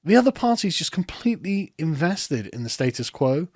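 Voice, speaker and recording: Brief: male commentator, high-pitched, sarcastic and profane, dry close sound. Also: very animated, normal speed, a little mellow, no room sound. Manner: sarcastic, profane, mocking, breaks into laughter. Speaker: commentary host. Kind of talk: ranting reaction commentary.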